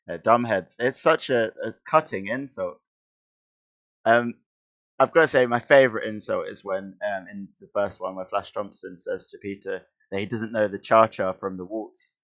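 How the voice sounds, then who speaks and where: A man's voice: on the low side, moderate pace, a bit bright, dull audio. A man who teaches school, reading a comic aloud on a stream and breaking off into chatty, amused asides. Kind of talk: casual comic read-along commentary.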